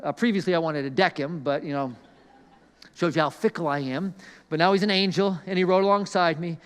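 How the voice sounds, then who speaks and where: A man preaching through a personal story with a high, smooth, resonant voice. He talks conversationally and self-deprecatingly, slipping into the voices of people in his story. The sound carries the long reverb of a large hall. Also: fairly quick. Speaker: pastor. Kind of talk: storytelling sermon.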